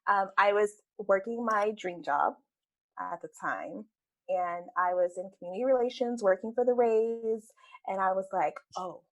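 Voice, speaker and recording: A woman's voice: mid-range voice, normal speed, muffled recording. A woman appearing as an interview guest, an entrepreneur telling her story in an open, earnest way. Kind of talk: conversational interview.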